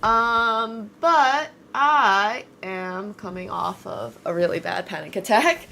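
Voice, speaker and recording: A woman's voice: mid-range voice, gravelly, fairly bright tone, a little hiss or hum. Congested woman chatting on a live stream. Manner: chatty, rambling, thanks viewers. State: congested, voice shaking. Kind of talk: casual live-stream chat.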